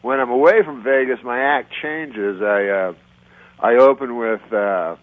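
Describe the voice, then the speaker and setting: A man, a stand-up comedian, chatting casually in a dry deadpan way, pausing often with "uh". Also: mid-range voice, no echo, phone-quality sound. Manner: deadpan, halting with many uh pauses. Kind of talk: casual chat between comedians.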